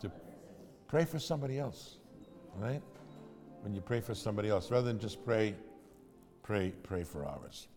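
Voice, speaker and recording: A man's voice: on the low side, lively intonation, normal speed, pauses often, darkish tone, big-room sound, soft background music. A man preaching in storytelling style, conversational and asking his audience questions. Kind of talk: sermon storytelling.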